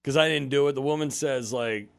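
A man's voice: medium pitch, a little fast, vocal fry. A man in his thirties, a podcast host, telling a story in casual chat, swearing often and acting out what people said. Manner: profane, animated, acts out quotes.

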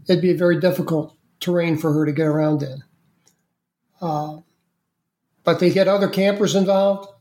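A man appearing as a podcast guest, recounting a story in an unhurried, vivid way with frequent restarts. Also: sits high. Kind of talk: conversational storytelling. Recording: roomy, echoey sound.

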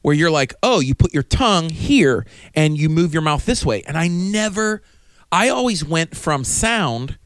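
A man's voice: a little high, big pitch swings, measured pace, no room sound. A middle-aged man co-hosting a podcast, telling stories in casual chat and acting out the voices of the people in them. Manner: storytelling, acts out quoted voices, laughs often. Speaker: podcast co-host.

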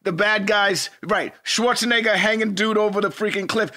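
A man co-hosting a podcast in casual chat, playful and animated in banter. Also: high-pitched, normal speed. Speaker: podcast co-host.

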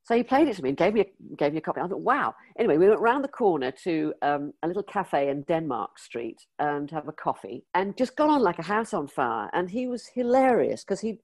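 Low-voiced older woman telling lively anecdotes. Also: fairly quick, hardly any pauses. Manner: lively anecdotal storyteller, acts out quoted dialogue. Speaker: former magazine editor, interview guest. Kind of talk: storytelling interview.

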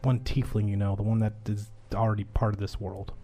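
A man's voice: fairly low pitch, fairly even intonation, brisk, warm tone, soft background music. A man voicing a stern old police chief who talks to his son curtly and scoldingly. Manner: curt, scolding.

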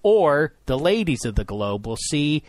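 A man hosting a casual sports talk show from a studio, joking and mocking himself, his voice rising and falling in loudness. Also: on the high side, sing-song, a little slow, no echo. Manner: jokey, self-mocking, swings between loud and quiet. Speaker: podcast host.

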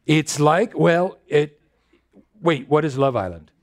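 A man's voice: on the high side, slow pace. Rambling, joking male podcast host. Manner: rambling, deadpan joking storyteller. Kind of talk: casual comedic chat.

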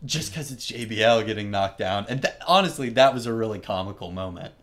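Lively man telling a story. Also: on the low side, brisk. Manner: animated storytelling, acts out quoted lines. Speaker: podcast co-host. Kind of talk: casual chat.

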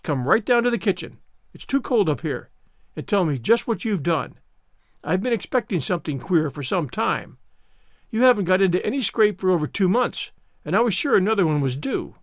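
A man's voice: high-pitched, very animated, moderate pace, no room sound, clean studio sound. A man voicing a stern scolding older woman. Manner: sharp, scolding, sarcastic.

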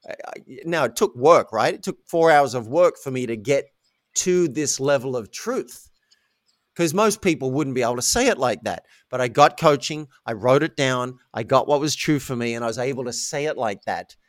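Animated man telling a candid story. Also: mid-range voice, normal speed, no echo, clean studio sound. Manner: animated, self-mocking, confessional storytelling. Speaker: guest, coach. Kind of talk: candid storytelling in a podcast interview.

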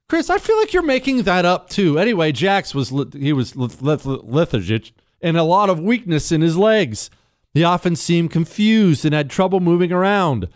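A man's voice: a little high, no echo. A man hosting a talk radio show, delivering a mocking monologue full of rhetorical questions into a close studio mic.

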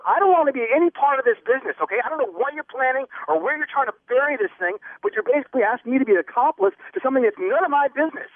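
Caller: stammering man, very high voice, tinny phone line, dry. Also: very animated, fast, no echo. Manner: flustered, stammering, repeats himself. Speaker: prank call target, store worker. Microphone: telephone.

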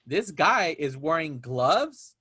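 A man's voice: a little high, big pitch swings, slow, pushed and bright, slight background noise. A man chatting casually about a movie, chiming in with jokes and laughing a lot. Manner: joking, chimes in, laughs a lot. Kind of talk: casual movie recap chat.

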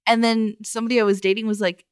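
A woman's voice: on the high side, flat delivery, fast talker, clear, resonant tone, dry recording, clean studio sound. A woman co-hosting a podcast in casual chat, playful, breaking into bits of songs. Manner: playful, sings snatches of songs. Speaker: podcast co-host.

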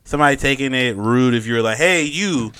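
Bright, clear-voiced young man chatting. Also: medium pitch. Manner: profane, laughing, acts out others in quick voices. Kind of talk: casual chat.

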